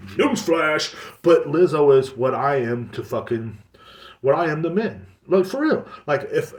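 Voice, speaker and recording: A man's voice: a little high, far from the mic. A man hosting his own podcast, ranting in a blunt, crude way and swearing constantly. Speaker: podcast host. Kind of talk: profane casual rant. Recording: echoey room, mic set back.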